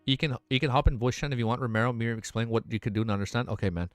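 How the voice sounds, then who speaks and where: A young man hosting a late-night livestream, reacting to artwork in a casual, excitable way with plenty of swearing, his voice tired and worn out. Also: lowish voice, rapid-fire, few pauses, no room sound, clean studio sound. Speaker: livestream host.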